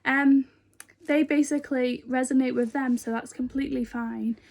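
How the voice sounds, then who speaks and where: Woman vlogger, high voice, rambling and earnest, casual to-camera chat. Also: fairly even intonation, moderate pace, gravelly, a little mellow. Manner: chatty and rambling, many fillers.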